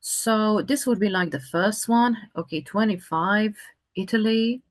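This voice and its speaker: A woman teaching an English conversation lesson, speaking slowly and patiently with many fillers. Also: mid-range voice.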